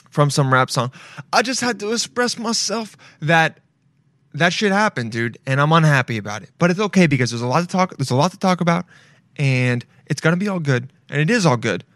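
A young man hosting a casual solo podcast, rambling and cursing freely. His voice sits a little high for a man and jumps into loud yelps. The sound is dry and close, with no room echo. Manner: swearing, rambling, loud swings into yelling. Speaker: podcast host.

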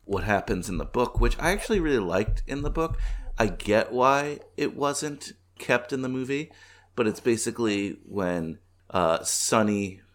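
A man with a lowish voice co-hosts a casual podcast from home. He talks in a relaxed, easygoing way and laughs often. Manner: laid-back, laughs often, does mock accents in quotes. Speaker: podcast co-host. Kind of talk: casual chat.

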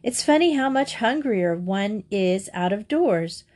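A woman's voice: medium pitch, lively intonation, measured pace, darkish tone. A woman puts on a playful schoolgirl in a classic school story, teasing and jeering at friends.

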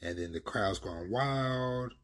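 A man's voice: lowish voice, takes it slowly, fairly bright tone. A man casually retelling a comic's plot in a rambling, filler-heavy way.

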